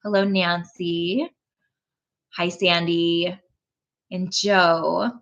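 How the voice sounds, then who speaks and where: Gravelly low-voiced woman tapping coach. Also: normal speed, highs cut off. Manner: gentle and encouraging, with frequent ums. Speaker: EFT tapping practitioner hosting a live session. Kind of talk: live-stream guided session, greeting chat viewers.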